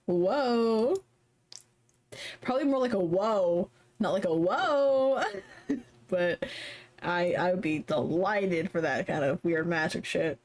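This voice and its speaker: A woman streaming a story game live, reading its text aloud and chatting in an animated, giggly way, swearing casually. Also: on the low side, moderate pace.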